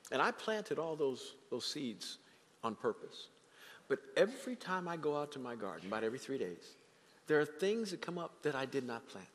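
A man preaching a sermon as pastor of his church, animated and acting out the voices of the people he quotes. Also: medium pitch, big-room sound. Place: church sanctuary.

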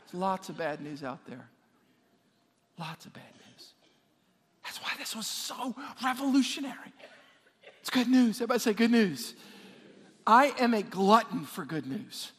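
Pastor, male, high voice, energetic preaching with call-and-response, long hall reverb. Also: measured pace, long pauses. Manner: energetic, repeats words, asks the congregation to respond. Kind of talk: sermon. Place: church sanctuary.

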